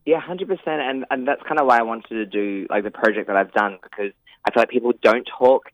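A man's voice: medium pitch, brisk, dry recording. A man, an author talking casually in an interview, chatty and rambling with many fillers. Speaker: author guest. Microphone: phone. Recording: tinny phone line.

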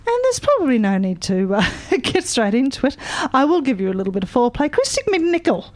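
A woman's voice: sits high, sing-song, a little fast, no room sound. A woman co-hosting a radio show, chatting in a theatrical, gossipy way and calling everyone darling. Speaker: radio co-host. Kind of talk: casual radio banter.

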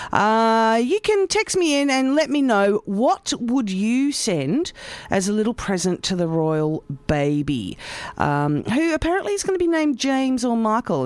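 A woman's voice: mid-range voice, darkish tone, dry recording. An Australian woman hosting a breakfast radio show, chatting casually and playfully with plenty of fillers.

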